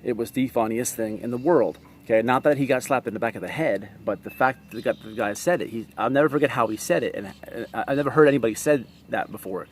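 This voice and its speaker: A man's voice: medium pitch, fast talker, hardly any pauses, a little hiss or hum. A man vlogging to camera, telling stories from his own life in a blunt, streetwise, profane way. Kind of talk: casual storytelling to camera.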